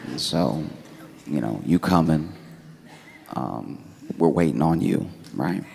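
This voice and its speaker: A male stand-up comedian with a very low, gravelly voice tells a story to a live room. He talks in a loose, animated way and laughs through his own asides. Clear crowd noise sits under the recording. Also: takes it slowly.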